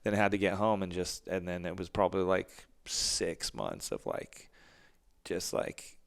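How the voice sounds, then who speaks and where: Gravelly low-voiced man swearing candidly. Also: very animated, a little slow. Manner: candid, heavy swearing, acts out quotes. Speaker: podcast guest, band frontman. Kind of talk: casual interview storytelling.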